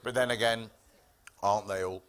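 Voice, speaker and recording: A man's voice: on the low side, fairly even intonation, moderate pace, heavy background noise. A man doing a stand-up comedy set on a club stage, telling stories in a wry, sardonic way with plenty of swearing.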